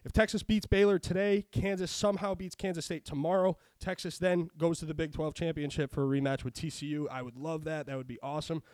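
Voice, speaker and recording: Male podcast host, high voice, profane and animated, dry booth. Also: fast talker, few pauses, no room sound. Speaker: sports betting podcast host. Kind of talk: casual chat.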